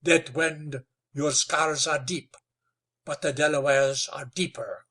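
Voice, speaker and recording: A man voicing an old Delaware chief who speaks in a calm, dignified, sonorous way. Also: on the high side, slow, full character voice.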